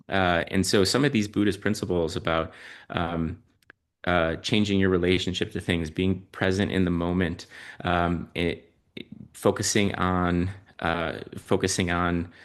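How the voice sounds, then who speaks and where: Deep-voiced dad on a podcast, lots of ums and uhs, slow and thoughtful. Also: male voice. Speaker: podcast guest, parent and physician-researcher. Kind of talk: reflective conversational storytelling.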